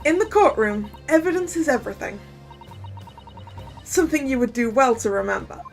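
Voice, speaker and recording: A woman's voice: high voice, animated, normal speed, gravelly, soft background music. A woman voicing a stern male prosecutor who lectures the court in a cool, superior tone. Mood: condescending.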